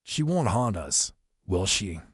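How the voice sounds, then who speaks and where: A man's voice: low voice, very animated, slow, slightly rough, no room sound, studio quality, heavily acted. Man voicing a frightened teenage farm boy. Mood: fearful.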